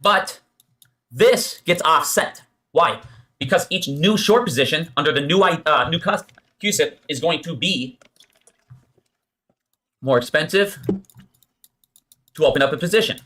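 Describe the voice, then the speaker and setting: A man's voice: fairly high pitch, lively intonation, measured pace, long pauses, pushed and bright. A man giving insistent, profane stock market commentary while explaining a chart.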